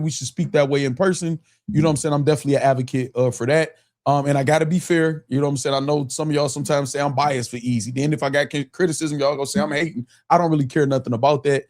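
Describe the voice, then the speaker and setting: A man's voice: a little high, steady tone, fast talker, darkish tone. Chatty, laughing man hosting a live stream. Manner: loose, chatty, laughs often, reads chat aloud. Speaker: live show host. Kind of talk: casual live stream commentary.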